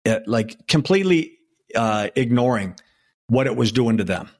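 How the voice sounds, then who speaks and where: A man in his sixties, a former undercover federal agent, telling a personal story in an interview in an earnest, emotional way with halting restarts. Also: medium pitch, lively intonation.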